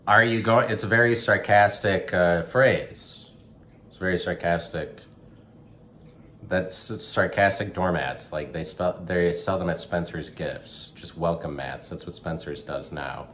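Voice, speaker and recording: A man hosting a podcast, rambling through a sarcastic comedic monologue in a deadpan way. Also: low-pitched, measured pace. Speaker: podcast host.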